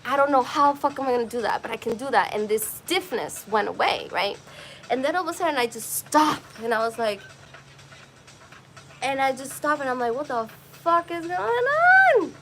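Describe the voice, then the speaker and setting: A woman's voice: on the high side, moderate pace, fairly bright tone, a little hiss or hum. A woman hosting a podcast, telling a personal story in an emotional, rambling way and swearing freely. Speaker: podcast host.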